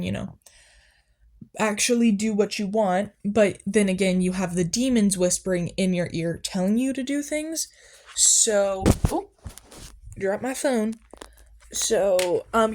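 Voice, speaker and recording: A young woman hosting a podcast, telling a deadpan fictional story in a casual, chatty way, full of "like" and "um". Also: medium pitch. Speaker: podcast host.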